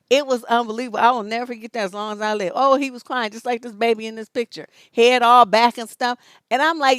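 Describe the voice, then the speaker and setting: A woman relationship coach hosting a casual live stream, telling stories in an animated way and laughing often. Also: on the high side, quick pace, no echo, clean studio sound. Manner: animated storytelling, laughs often, rises to loud peaks.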